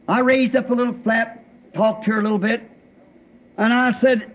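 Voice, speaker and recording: High-voiced husky preacher, old lo-fi tape. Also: male voice, fairly even intonation, moderate pace. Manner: folksy, rambling testimony with plain rural grammar. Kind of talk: sermon storytelling. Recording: dull lo-fi old recording.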